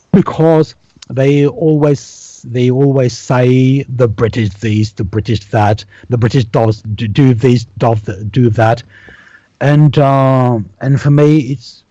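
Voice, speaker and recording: Halting man, dull audio. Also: mid-range voice, warm tone, no echo. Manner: halting, many restarts and repeated words. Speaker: guest. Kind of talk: casual conversation.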